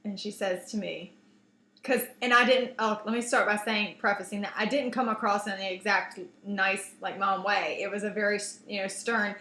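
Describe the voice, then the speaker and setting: Chatty, bright-voiced woman telling stories. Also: medium pitch, normal speed. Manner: animated storyteller, chatty with many fillers and restarts. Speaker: co-host. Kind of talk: casual chat. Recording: echoey room.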